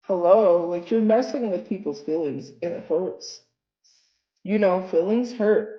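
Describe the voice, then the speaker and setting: A woman's voice: medium pitch, dark tone, echoey room, dull audio. A woman livestreaming, venting in a casual, exasperated way with lots of fillers.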